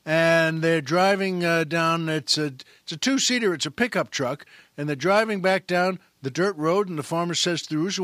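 A man hosting a comedy podcast, spinning a long shaggy-dog joke with animated restarts and asides to the audience. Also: a little high, moderate pace, no echo, studio quality. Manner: animated storyteller with frequent restarts. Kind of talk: telling a long comic joke.

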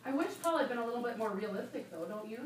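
Woman Bible teacher, high voice, chatty and emphatic, distant mic in an echoey church. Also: animated, racing, slight background noise. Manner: conversational, laughing asides, emphatic repetition. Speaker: women's Bible study teacher. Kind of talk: sermon teaching. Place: church room.

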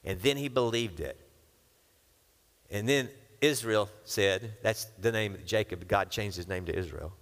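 A man's voice: lowish voice, unhurried, fairly bright tone. A man preaching a sermon, reading scripture and breaking into casual asides where he acts out the characters. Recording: long hall reverb.

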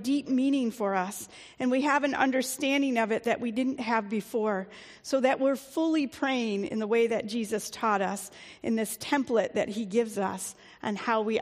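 A woman's voice: fairly high pitch, in a large hall. A woman pastor giving a sermon in a conversational, plain-spoken way, with the odd filler.

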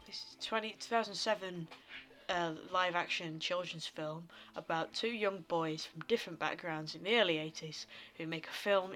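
A woman co-hosting a podcast, chatting casually and teasing her partner with quick comebacks. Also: fairly low pitch, a bit bright. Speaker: podcast co-host. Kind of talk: casual chat.

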